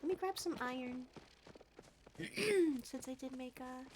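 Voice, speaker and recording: A young woman with a high voice, chatting to viewers while she plays a cozy game. She gushes sweetly, laughs softly and often clears her throat. A faint hiss sits under the recording. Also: slow. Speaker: streamer. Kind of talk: casual gameplay livestream chat. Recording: faint background noise.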